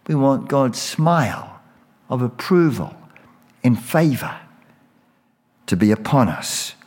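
A man preaching a sermon as a pastor, slow and emphatic, repeating phrases for weight. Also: mid-range voice, animated, a little mellow, slightly rough, long reverb tail.

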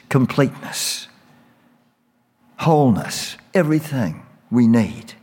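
A male pastor delivering a sermon at an unhurried, deliberate pace. His mid-range voice leans on repeated phrases for emphasis, and a long reverb trails each line in a large hall. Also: mid-range voice, a little mellow.

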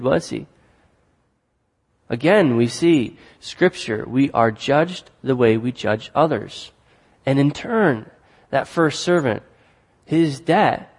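A man preaching a sermon in a large hall, conversational, joking and correcting himself as he reads and explains scripture. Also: medium pitch. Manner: conversational, jokes and self-corrects. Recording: long hall reverb.

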